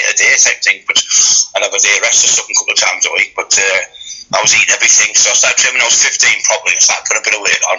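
A fast-talking man in his fifties with a Teesside accent and a very husky, bright-edged voice. He rambles through his story, restarting his sentences. The sound is dull and lo-fi. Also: lowish voice. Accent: Teesside English with a Scottish trace. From Scotland. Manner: rambling, repeats and restarts, working-class turns of phrase. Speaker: guest. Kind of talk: life-story interview.

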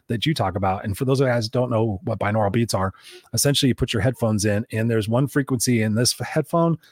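A man's voice: mid-range voice, fast talker, no room sound, clean studio sound. A man co-hosting a podcast, chatting casually, telling rambling personal stories with a bit of swearing. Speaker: podcast co-host and coach.

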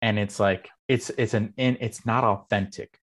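Rambling, animated man chatting. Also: on the low side, normal speed. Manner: rambling, animated storyteller with many fillers. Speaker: game master and guest. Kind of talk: casual podcast chat.

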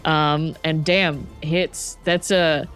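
A woman narrating a tabletop game as game master, unhurried and often laughing. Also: low-pitched, fairly even intonation, fairly bright tone. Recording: faint music underneath.

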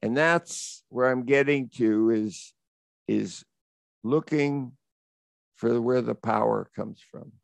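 A man's voice: medium pitch, takes it slowly, vocal fry, dry recording. A middle-aged man from the United States, vividly and reflectively telling an adventure story as an interview guest. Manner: vivid, reflective, rising into excitement. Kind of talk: animated adventure anecdote.

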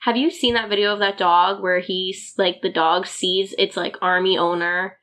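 A woman's voice: mid-range voice, level tone, normal speed, fairly bright tone. A woman chatting casually and laughing, telling stories about her dog and voicing its thoughts. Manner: chatty, giggly, voices her dog's thoughts. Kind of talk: casual chat.

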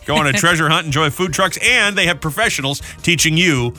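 A man's voice: a little high, brisk, sharp tone, faint music behind. A man hosting a morning radio show, chatting casually and cracking jokes between community announcements in a studio. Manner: jokey, chatty storyteller.

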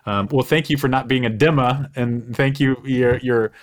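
A man's voice: mid-range voice, fairly even intonation. A man hosting a podcast, talking casually with frequent halts and restarts. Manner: halting, many restarts and fillers. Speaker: podcast host. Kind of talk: casual interview chat.

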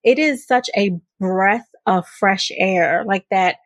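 A woman hosting a podcast interview, talking in an effusive, animated way and making up words as she goes. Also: mid-range voice, takes it slowly, no echo, studio quality. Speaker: podcast host. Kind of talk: casual interview chat.

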